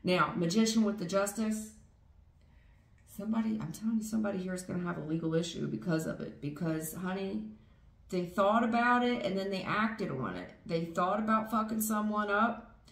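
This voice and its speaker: A woman giving a casual tarot reading in a blunt, profane, animated way, acting out people's feelings as she goes. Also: medium pitch, moderate pace, echoey room. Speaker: tarot reader.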